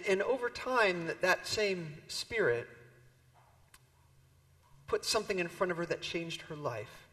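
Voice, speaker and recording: A man preaching a sermon, telling a story and moving between loud emphasis and hushed, near-whispered lines. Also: sits high. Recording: long hall reverb.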